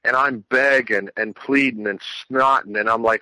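Earnest man telling a testimony, bright voice. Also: mid-range voice, fairly even intonation, normal speed, no room sound, low-quality recording. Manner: rambling, earnest storytelling with many restarts. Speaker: Christian speaker sharing testimony. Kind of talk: emotional personal testimony.

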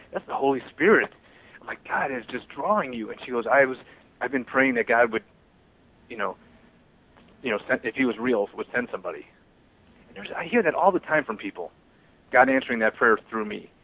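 A man telling of his street evangelism in a casual testimony, eager and halting, often repeating words. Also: medium pitch, lo-fi sound.

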